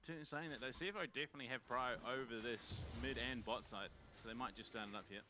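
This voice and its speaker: A man's voice: medium pitch, fast, noisy background. A man giving analytical color commentary on a game match, citing stats with frequent fillers. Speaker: esports color caster.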